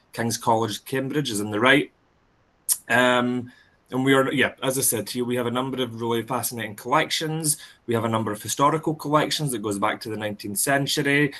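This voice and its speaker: A Scottish man gives a talk over a video call. His voice is bright and carries a clear edge. He speaks at a steady pace and often fills pauses with "um". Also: medium pitch. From Scotland. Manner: steady, frequent "um" fillers. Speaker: library speaker. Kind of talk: webinar presentation.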